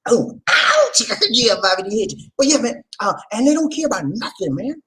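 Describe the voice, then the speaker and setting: A man hosting a vlog, talking casually to his viewers in an animated, laughing, rhetorical way, repeating his points often. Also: high-pitched, fast talker, rough recording. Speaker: vlog host.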